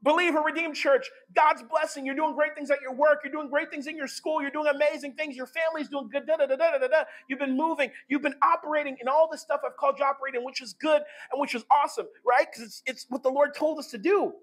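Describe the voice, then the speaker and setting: A man preaching an energetic sermon, excitable and emphatic, swinging between loud bursts and hushed lines. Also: very high voice, quick pace, hardly any pauses.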